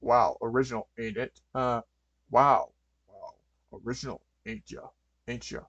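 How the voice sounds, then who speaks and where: A man's voice: medium pitch, measured pace, a bit bright, no echo, highs cut off. A man voicing a menacing male villain who shoots electricity, barking threats and repeating himself. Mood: taunting.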